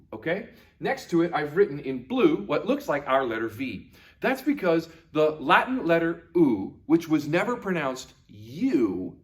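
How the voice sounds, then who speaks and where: A man teaching a lesson, demonstrating sounds slowly and with emphasis. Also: on the high side. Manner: animated, demonstrative, drawing out sounds. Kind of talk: classroom lesson on Latin pronunciation.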